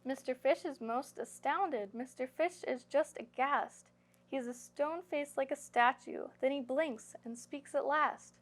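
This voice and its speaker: A woman hosts a children's storytime, reading a rhyming picture book aloud. Her voice sits high, and she keeps the verses bouncing along in a sing-song rhythm. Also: measured pace, fairly bright tone. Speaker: storytime reader.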